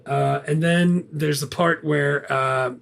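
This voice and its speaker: A man co-hosting a podcast in casual chat, halting and full of fillers as he recalls movie scenes. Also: a little high, steady tone, vocal fry, fairly bright tone. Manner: hesitant, full of "uh" and restarts, quotes movie lines in a put-on voice. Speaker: podcast co-host.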